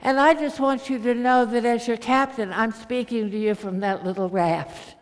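A woman voicing a calm, reassuring male airline captain making soothing announcements to passengers. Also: fairly high pitch, moderate pace, lightly acted. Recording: reverberant hall.

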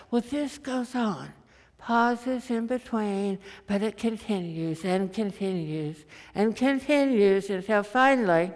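A woman preacher giving a sermon, telling stories in a slow, deliberate way in a church. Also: medium pitch, a little mellow. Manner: slow, deliberate storytelling delivery. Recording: reverberant hall.

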